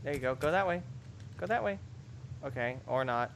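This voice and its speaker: A young man giving excitable, jokey commentary over a video game, bursting into shrieks and yells. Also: mid-range voice, moderate pace, gravelly, a little hiss or hum. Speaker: gameplay commentator. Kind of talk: let's play commentary.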